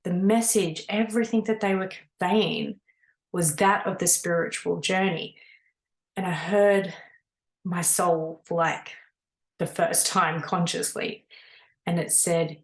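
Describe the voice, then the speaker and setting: A woman, a spiritual mentor, telling her own story in an earnest, animated way with lots of casual fillers. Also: lowish voice, takes it slowly. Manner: earnest, animated, many "you know" fillers. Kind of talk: personal storytelling monologue. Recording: echoey room.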